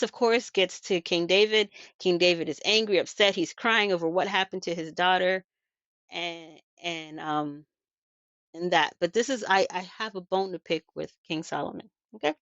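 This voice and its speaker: Chatty, low-voiced woman telling a story. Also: normal speed, fairly bright tone, no room sound, muffled recording. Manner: chatty and emphatic, with rhetorical asides and restarts. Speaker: video host. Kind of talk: casual storytelling commentary.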